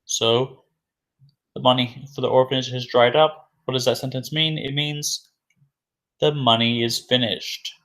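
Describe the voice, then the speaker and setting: A male English teacher talks through a vocabulary lesson at an unhurried pace. His voice sits at an ordinary middle pitch. He repeats each new phrase and answers his own questions in a patient, measured way. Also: fairly even intonation, fairly bright tone. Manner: slow and deliberate, repeating key words; asks questions then answers them himself.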